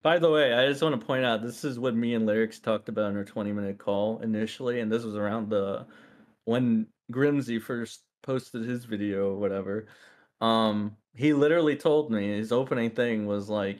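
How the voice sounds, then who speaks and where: A man's voice: fairly low pitch, fairly even intonation, moderate pace. A man on a voice call, arguing in a heated, profane rant. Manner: angry, ranting, swears a lot. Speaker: streamer in a debate.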